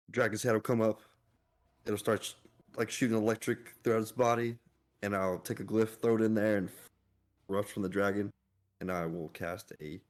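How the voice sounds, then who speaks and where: A man playing a tabletop game, thinking aloud with hesitation and bursts of excitement. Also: fairly low pitch. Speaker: player. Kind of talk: casual tabletop play.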